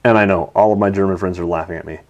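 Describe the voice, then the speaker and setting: A man's voice: deep voice, fairly even intonation, very fast, highs cut off. A man hosting a tech video, narrating a product demo in an enthusiastic, chatty way.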